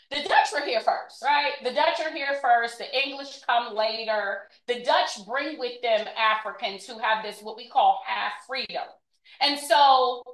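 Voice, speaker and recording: A woman's voice: fairly high pitch, fairly bright tone. A woman giving a conversational history talk as a presenter, chatty and often checking in with "right?". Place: event room. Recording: echoey room, mic far off.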